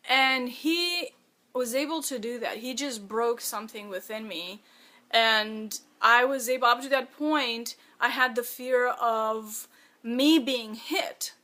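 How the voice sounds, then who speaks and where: A woman who is the author of her own memoir, speaking in a personal, reflective monologue, halting and emotional as she fights back tears. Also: on the high side, bright, forceful tone.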